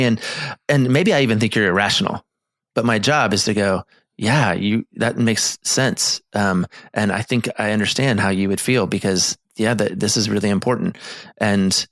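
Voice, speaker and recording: A man's voice: on the low side, normal speed, fairly bright tone, no echo, clean studio sound. A man co-hosting a marriage therapy show, explaining in earnest casual chat with many restarts and fillers. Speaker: marriage therapist and podcast co-host.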